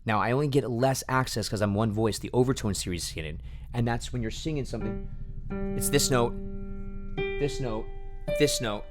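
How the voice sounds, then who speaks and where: A man coaching a choir on singing, talking quietly at home at night and losing his voice a little. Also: mid-range voice, moderate pace, pauses often, soft background music. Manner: quiet, hushed speech to avoid waking kids. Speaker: vocal coach. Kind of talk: casual coaching talk over recordings.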